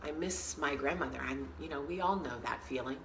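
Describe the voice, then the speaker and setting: A woman hosting a casual vlog, telling a story in a chatty, animated way and acting out what people said. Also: sits low, fairly quick, a little hiss or hum, low-quality recording. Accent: New York. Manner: chatty, animated storyteller who acts out quotes. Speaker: vlog host.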